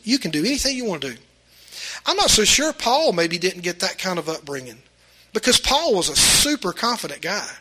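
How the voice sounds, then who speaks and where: Male pastor, folksy sermon delivery, high-pitched and bright. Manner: earnest, folksy, with repeated restarts. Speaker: preacher.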